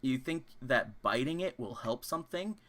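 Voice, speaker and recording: Rambling, lively tabletop game master. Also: medium pitch, normal speed. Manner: rambling and casual, many fillers.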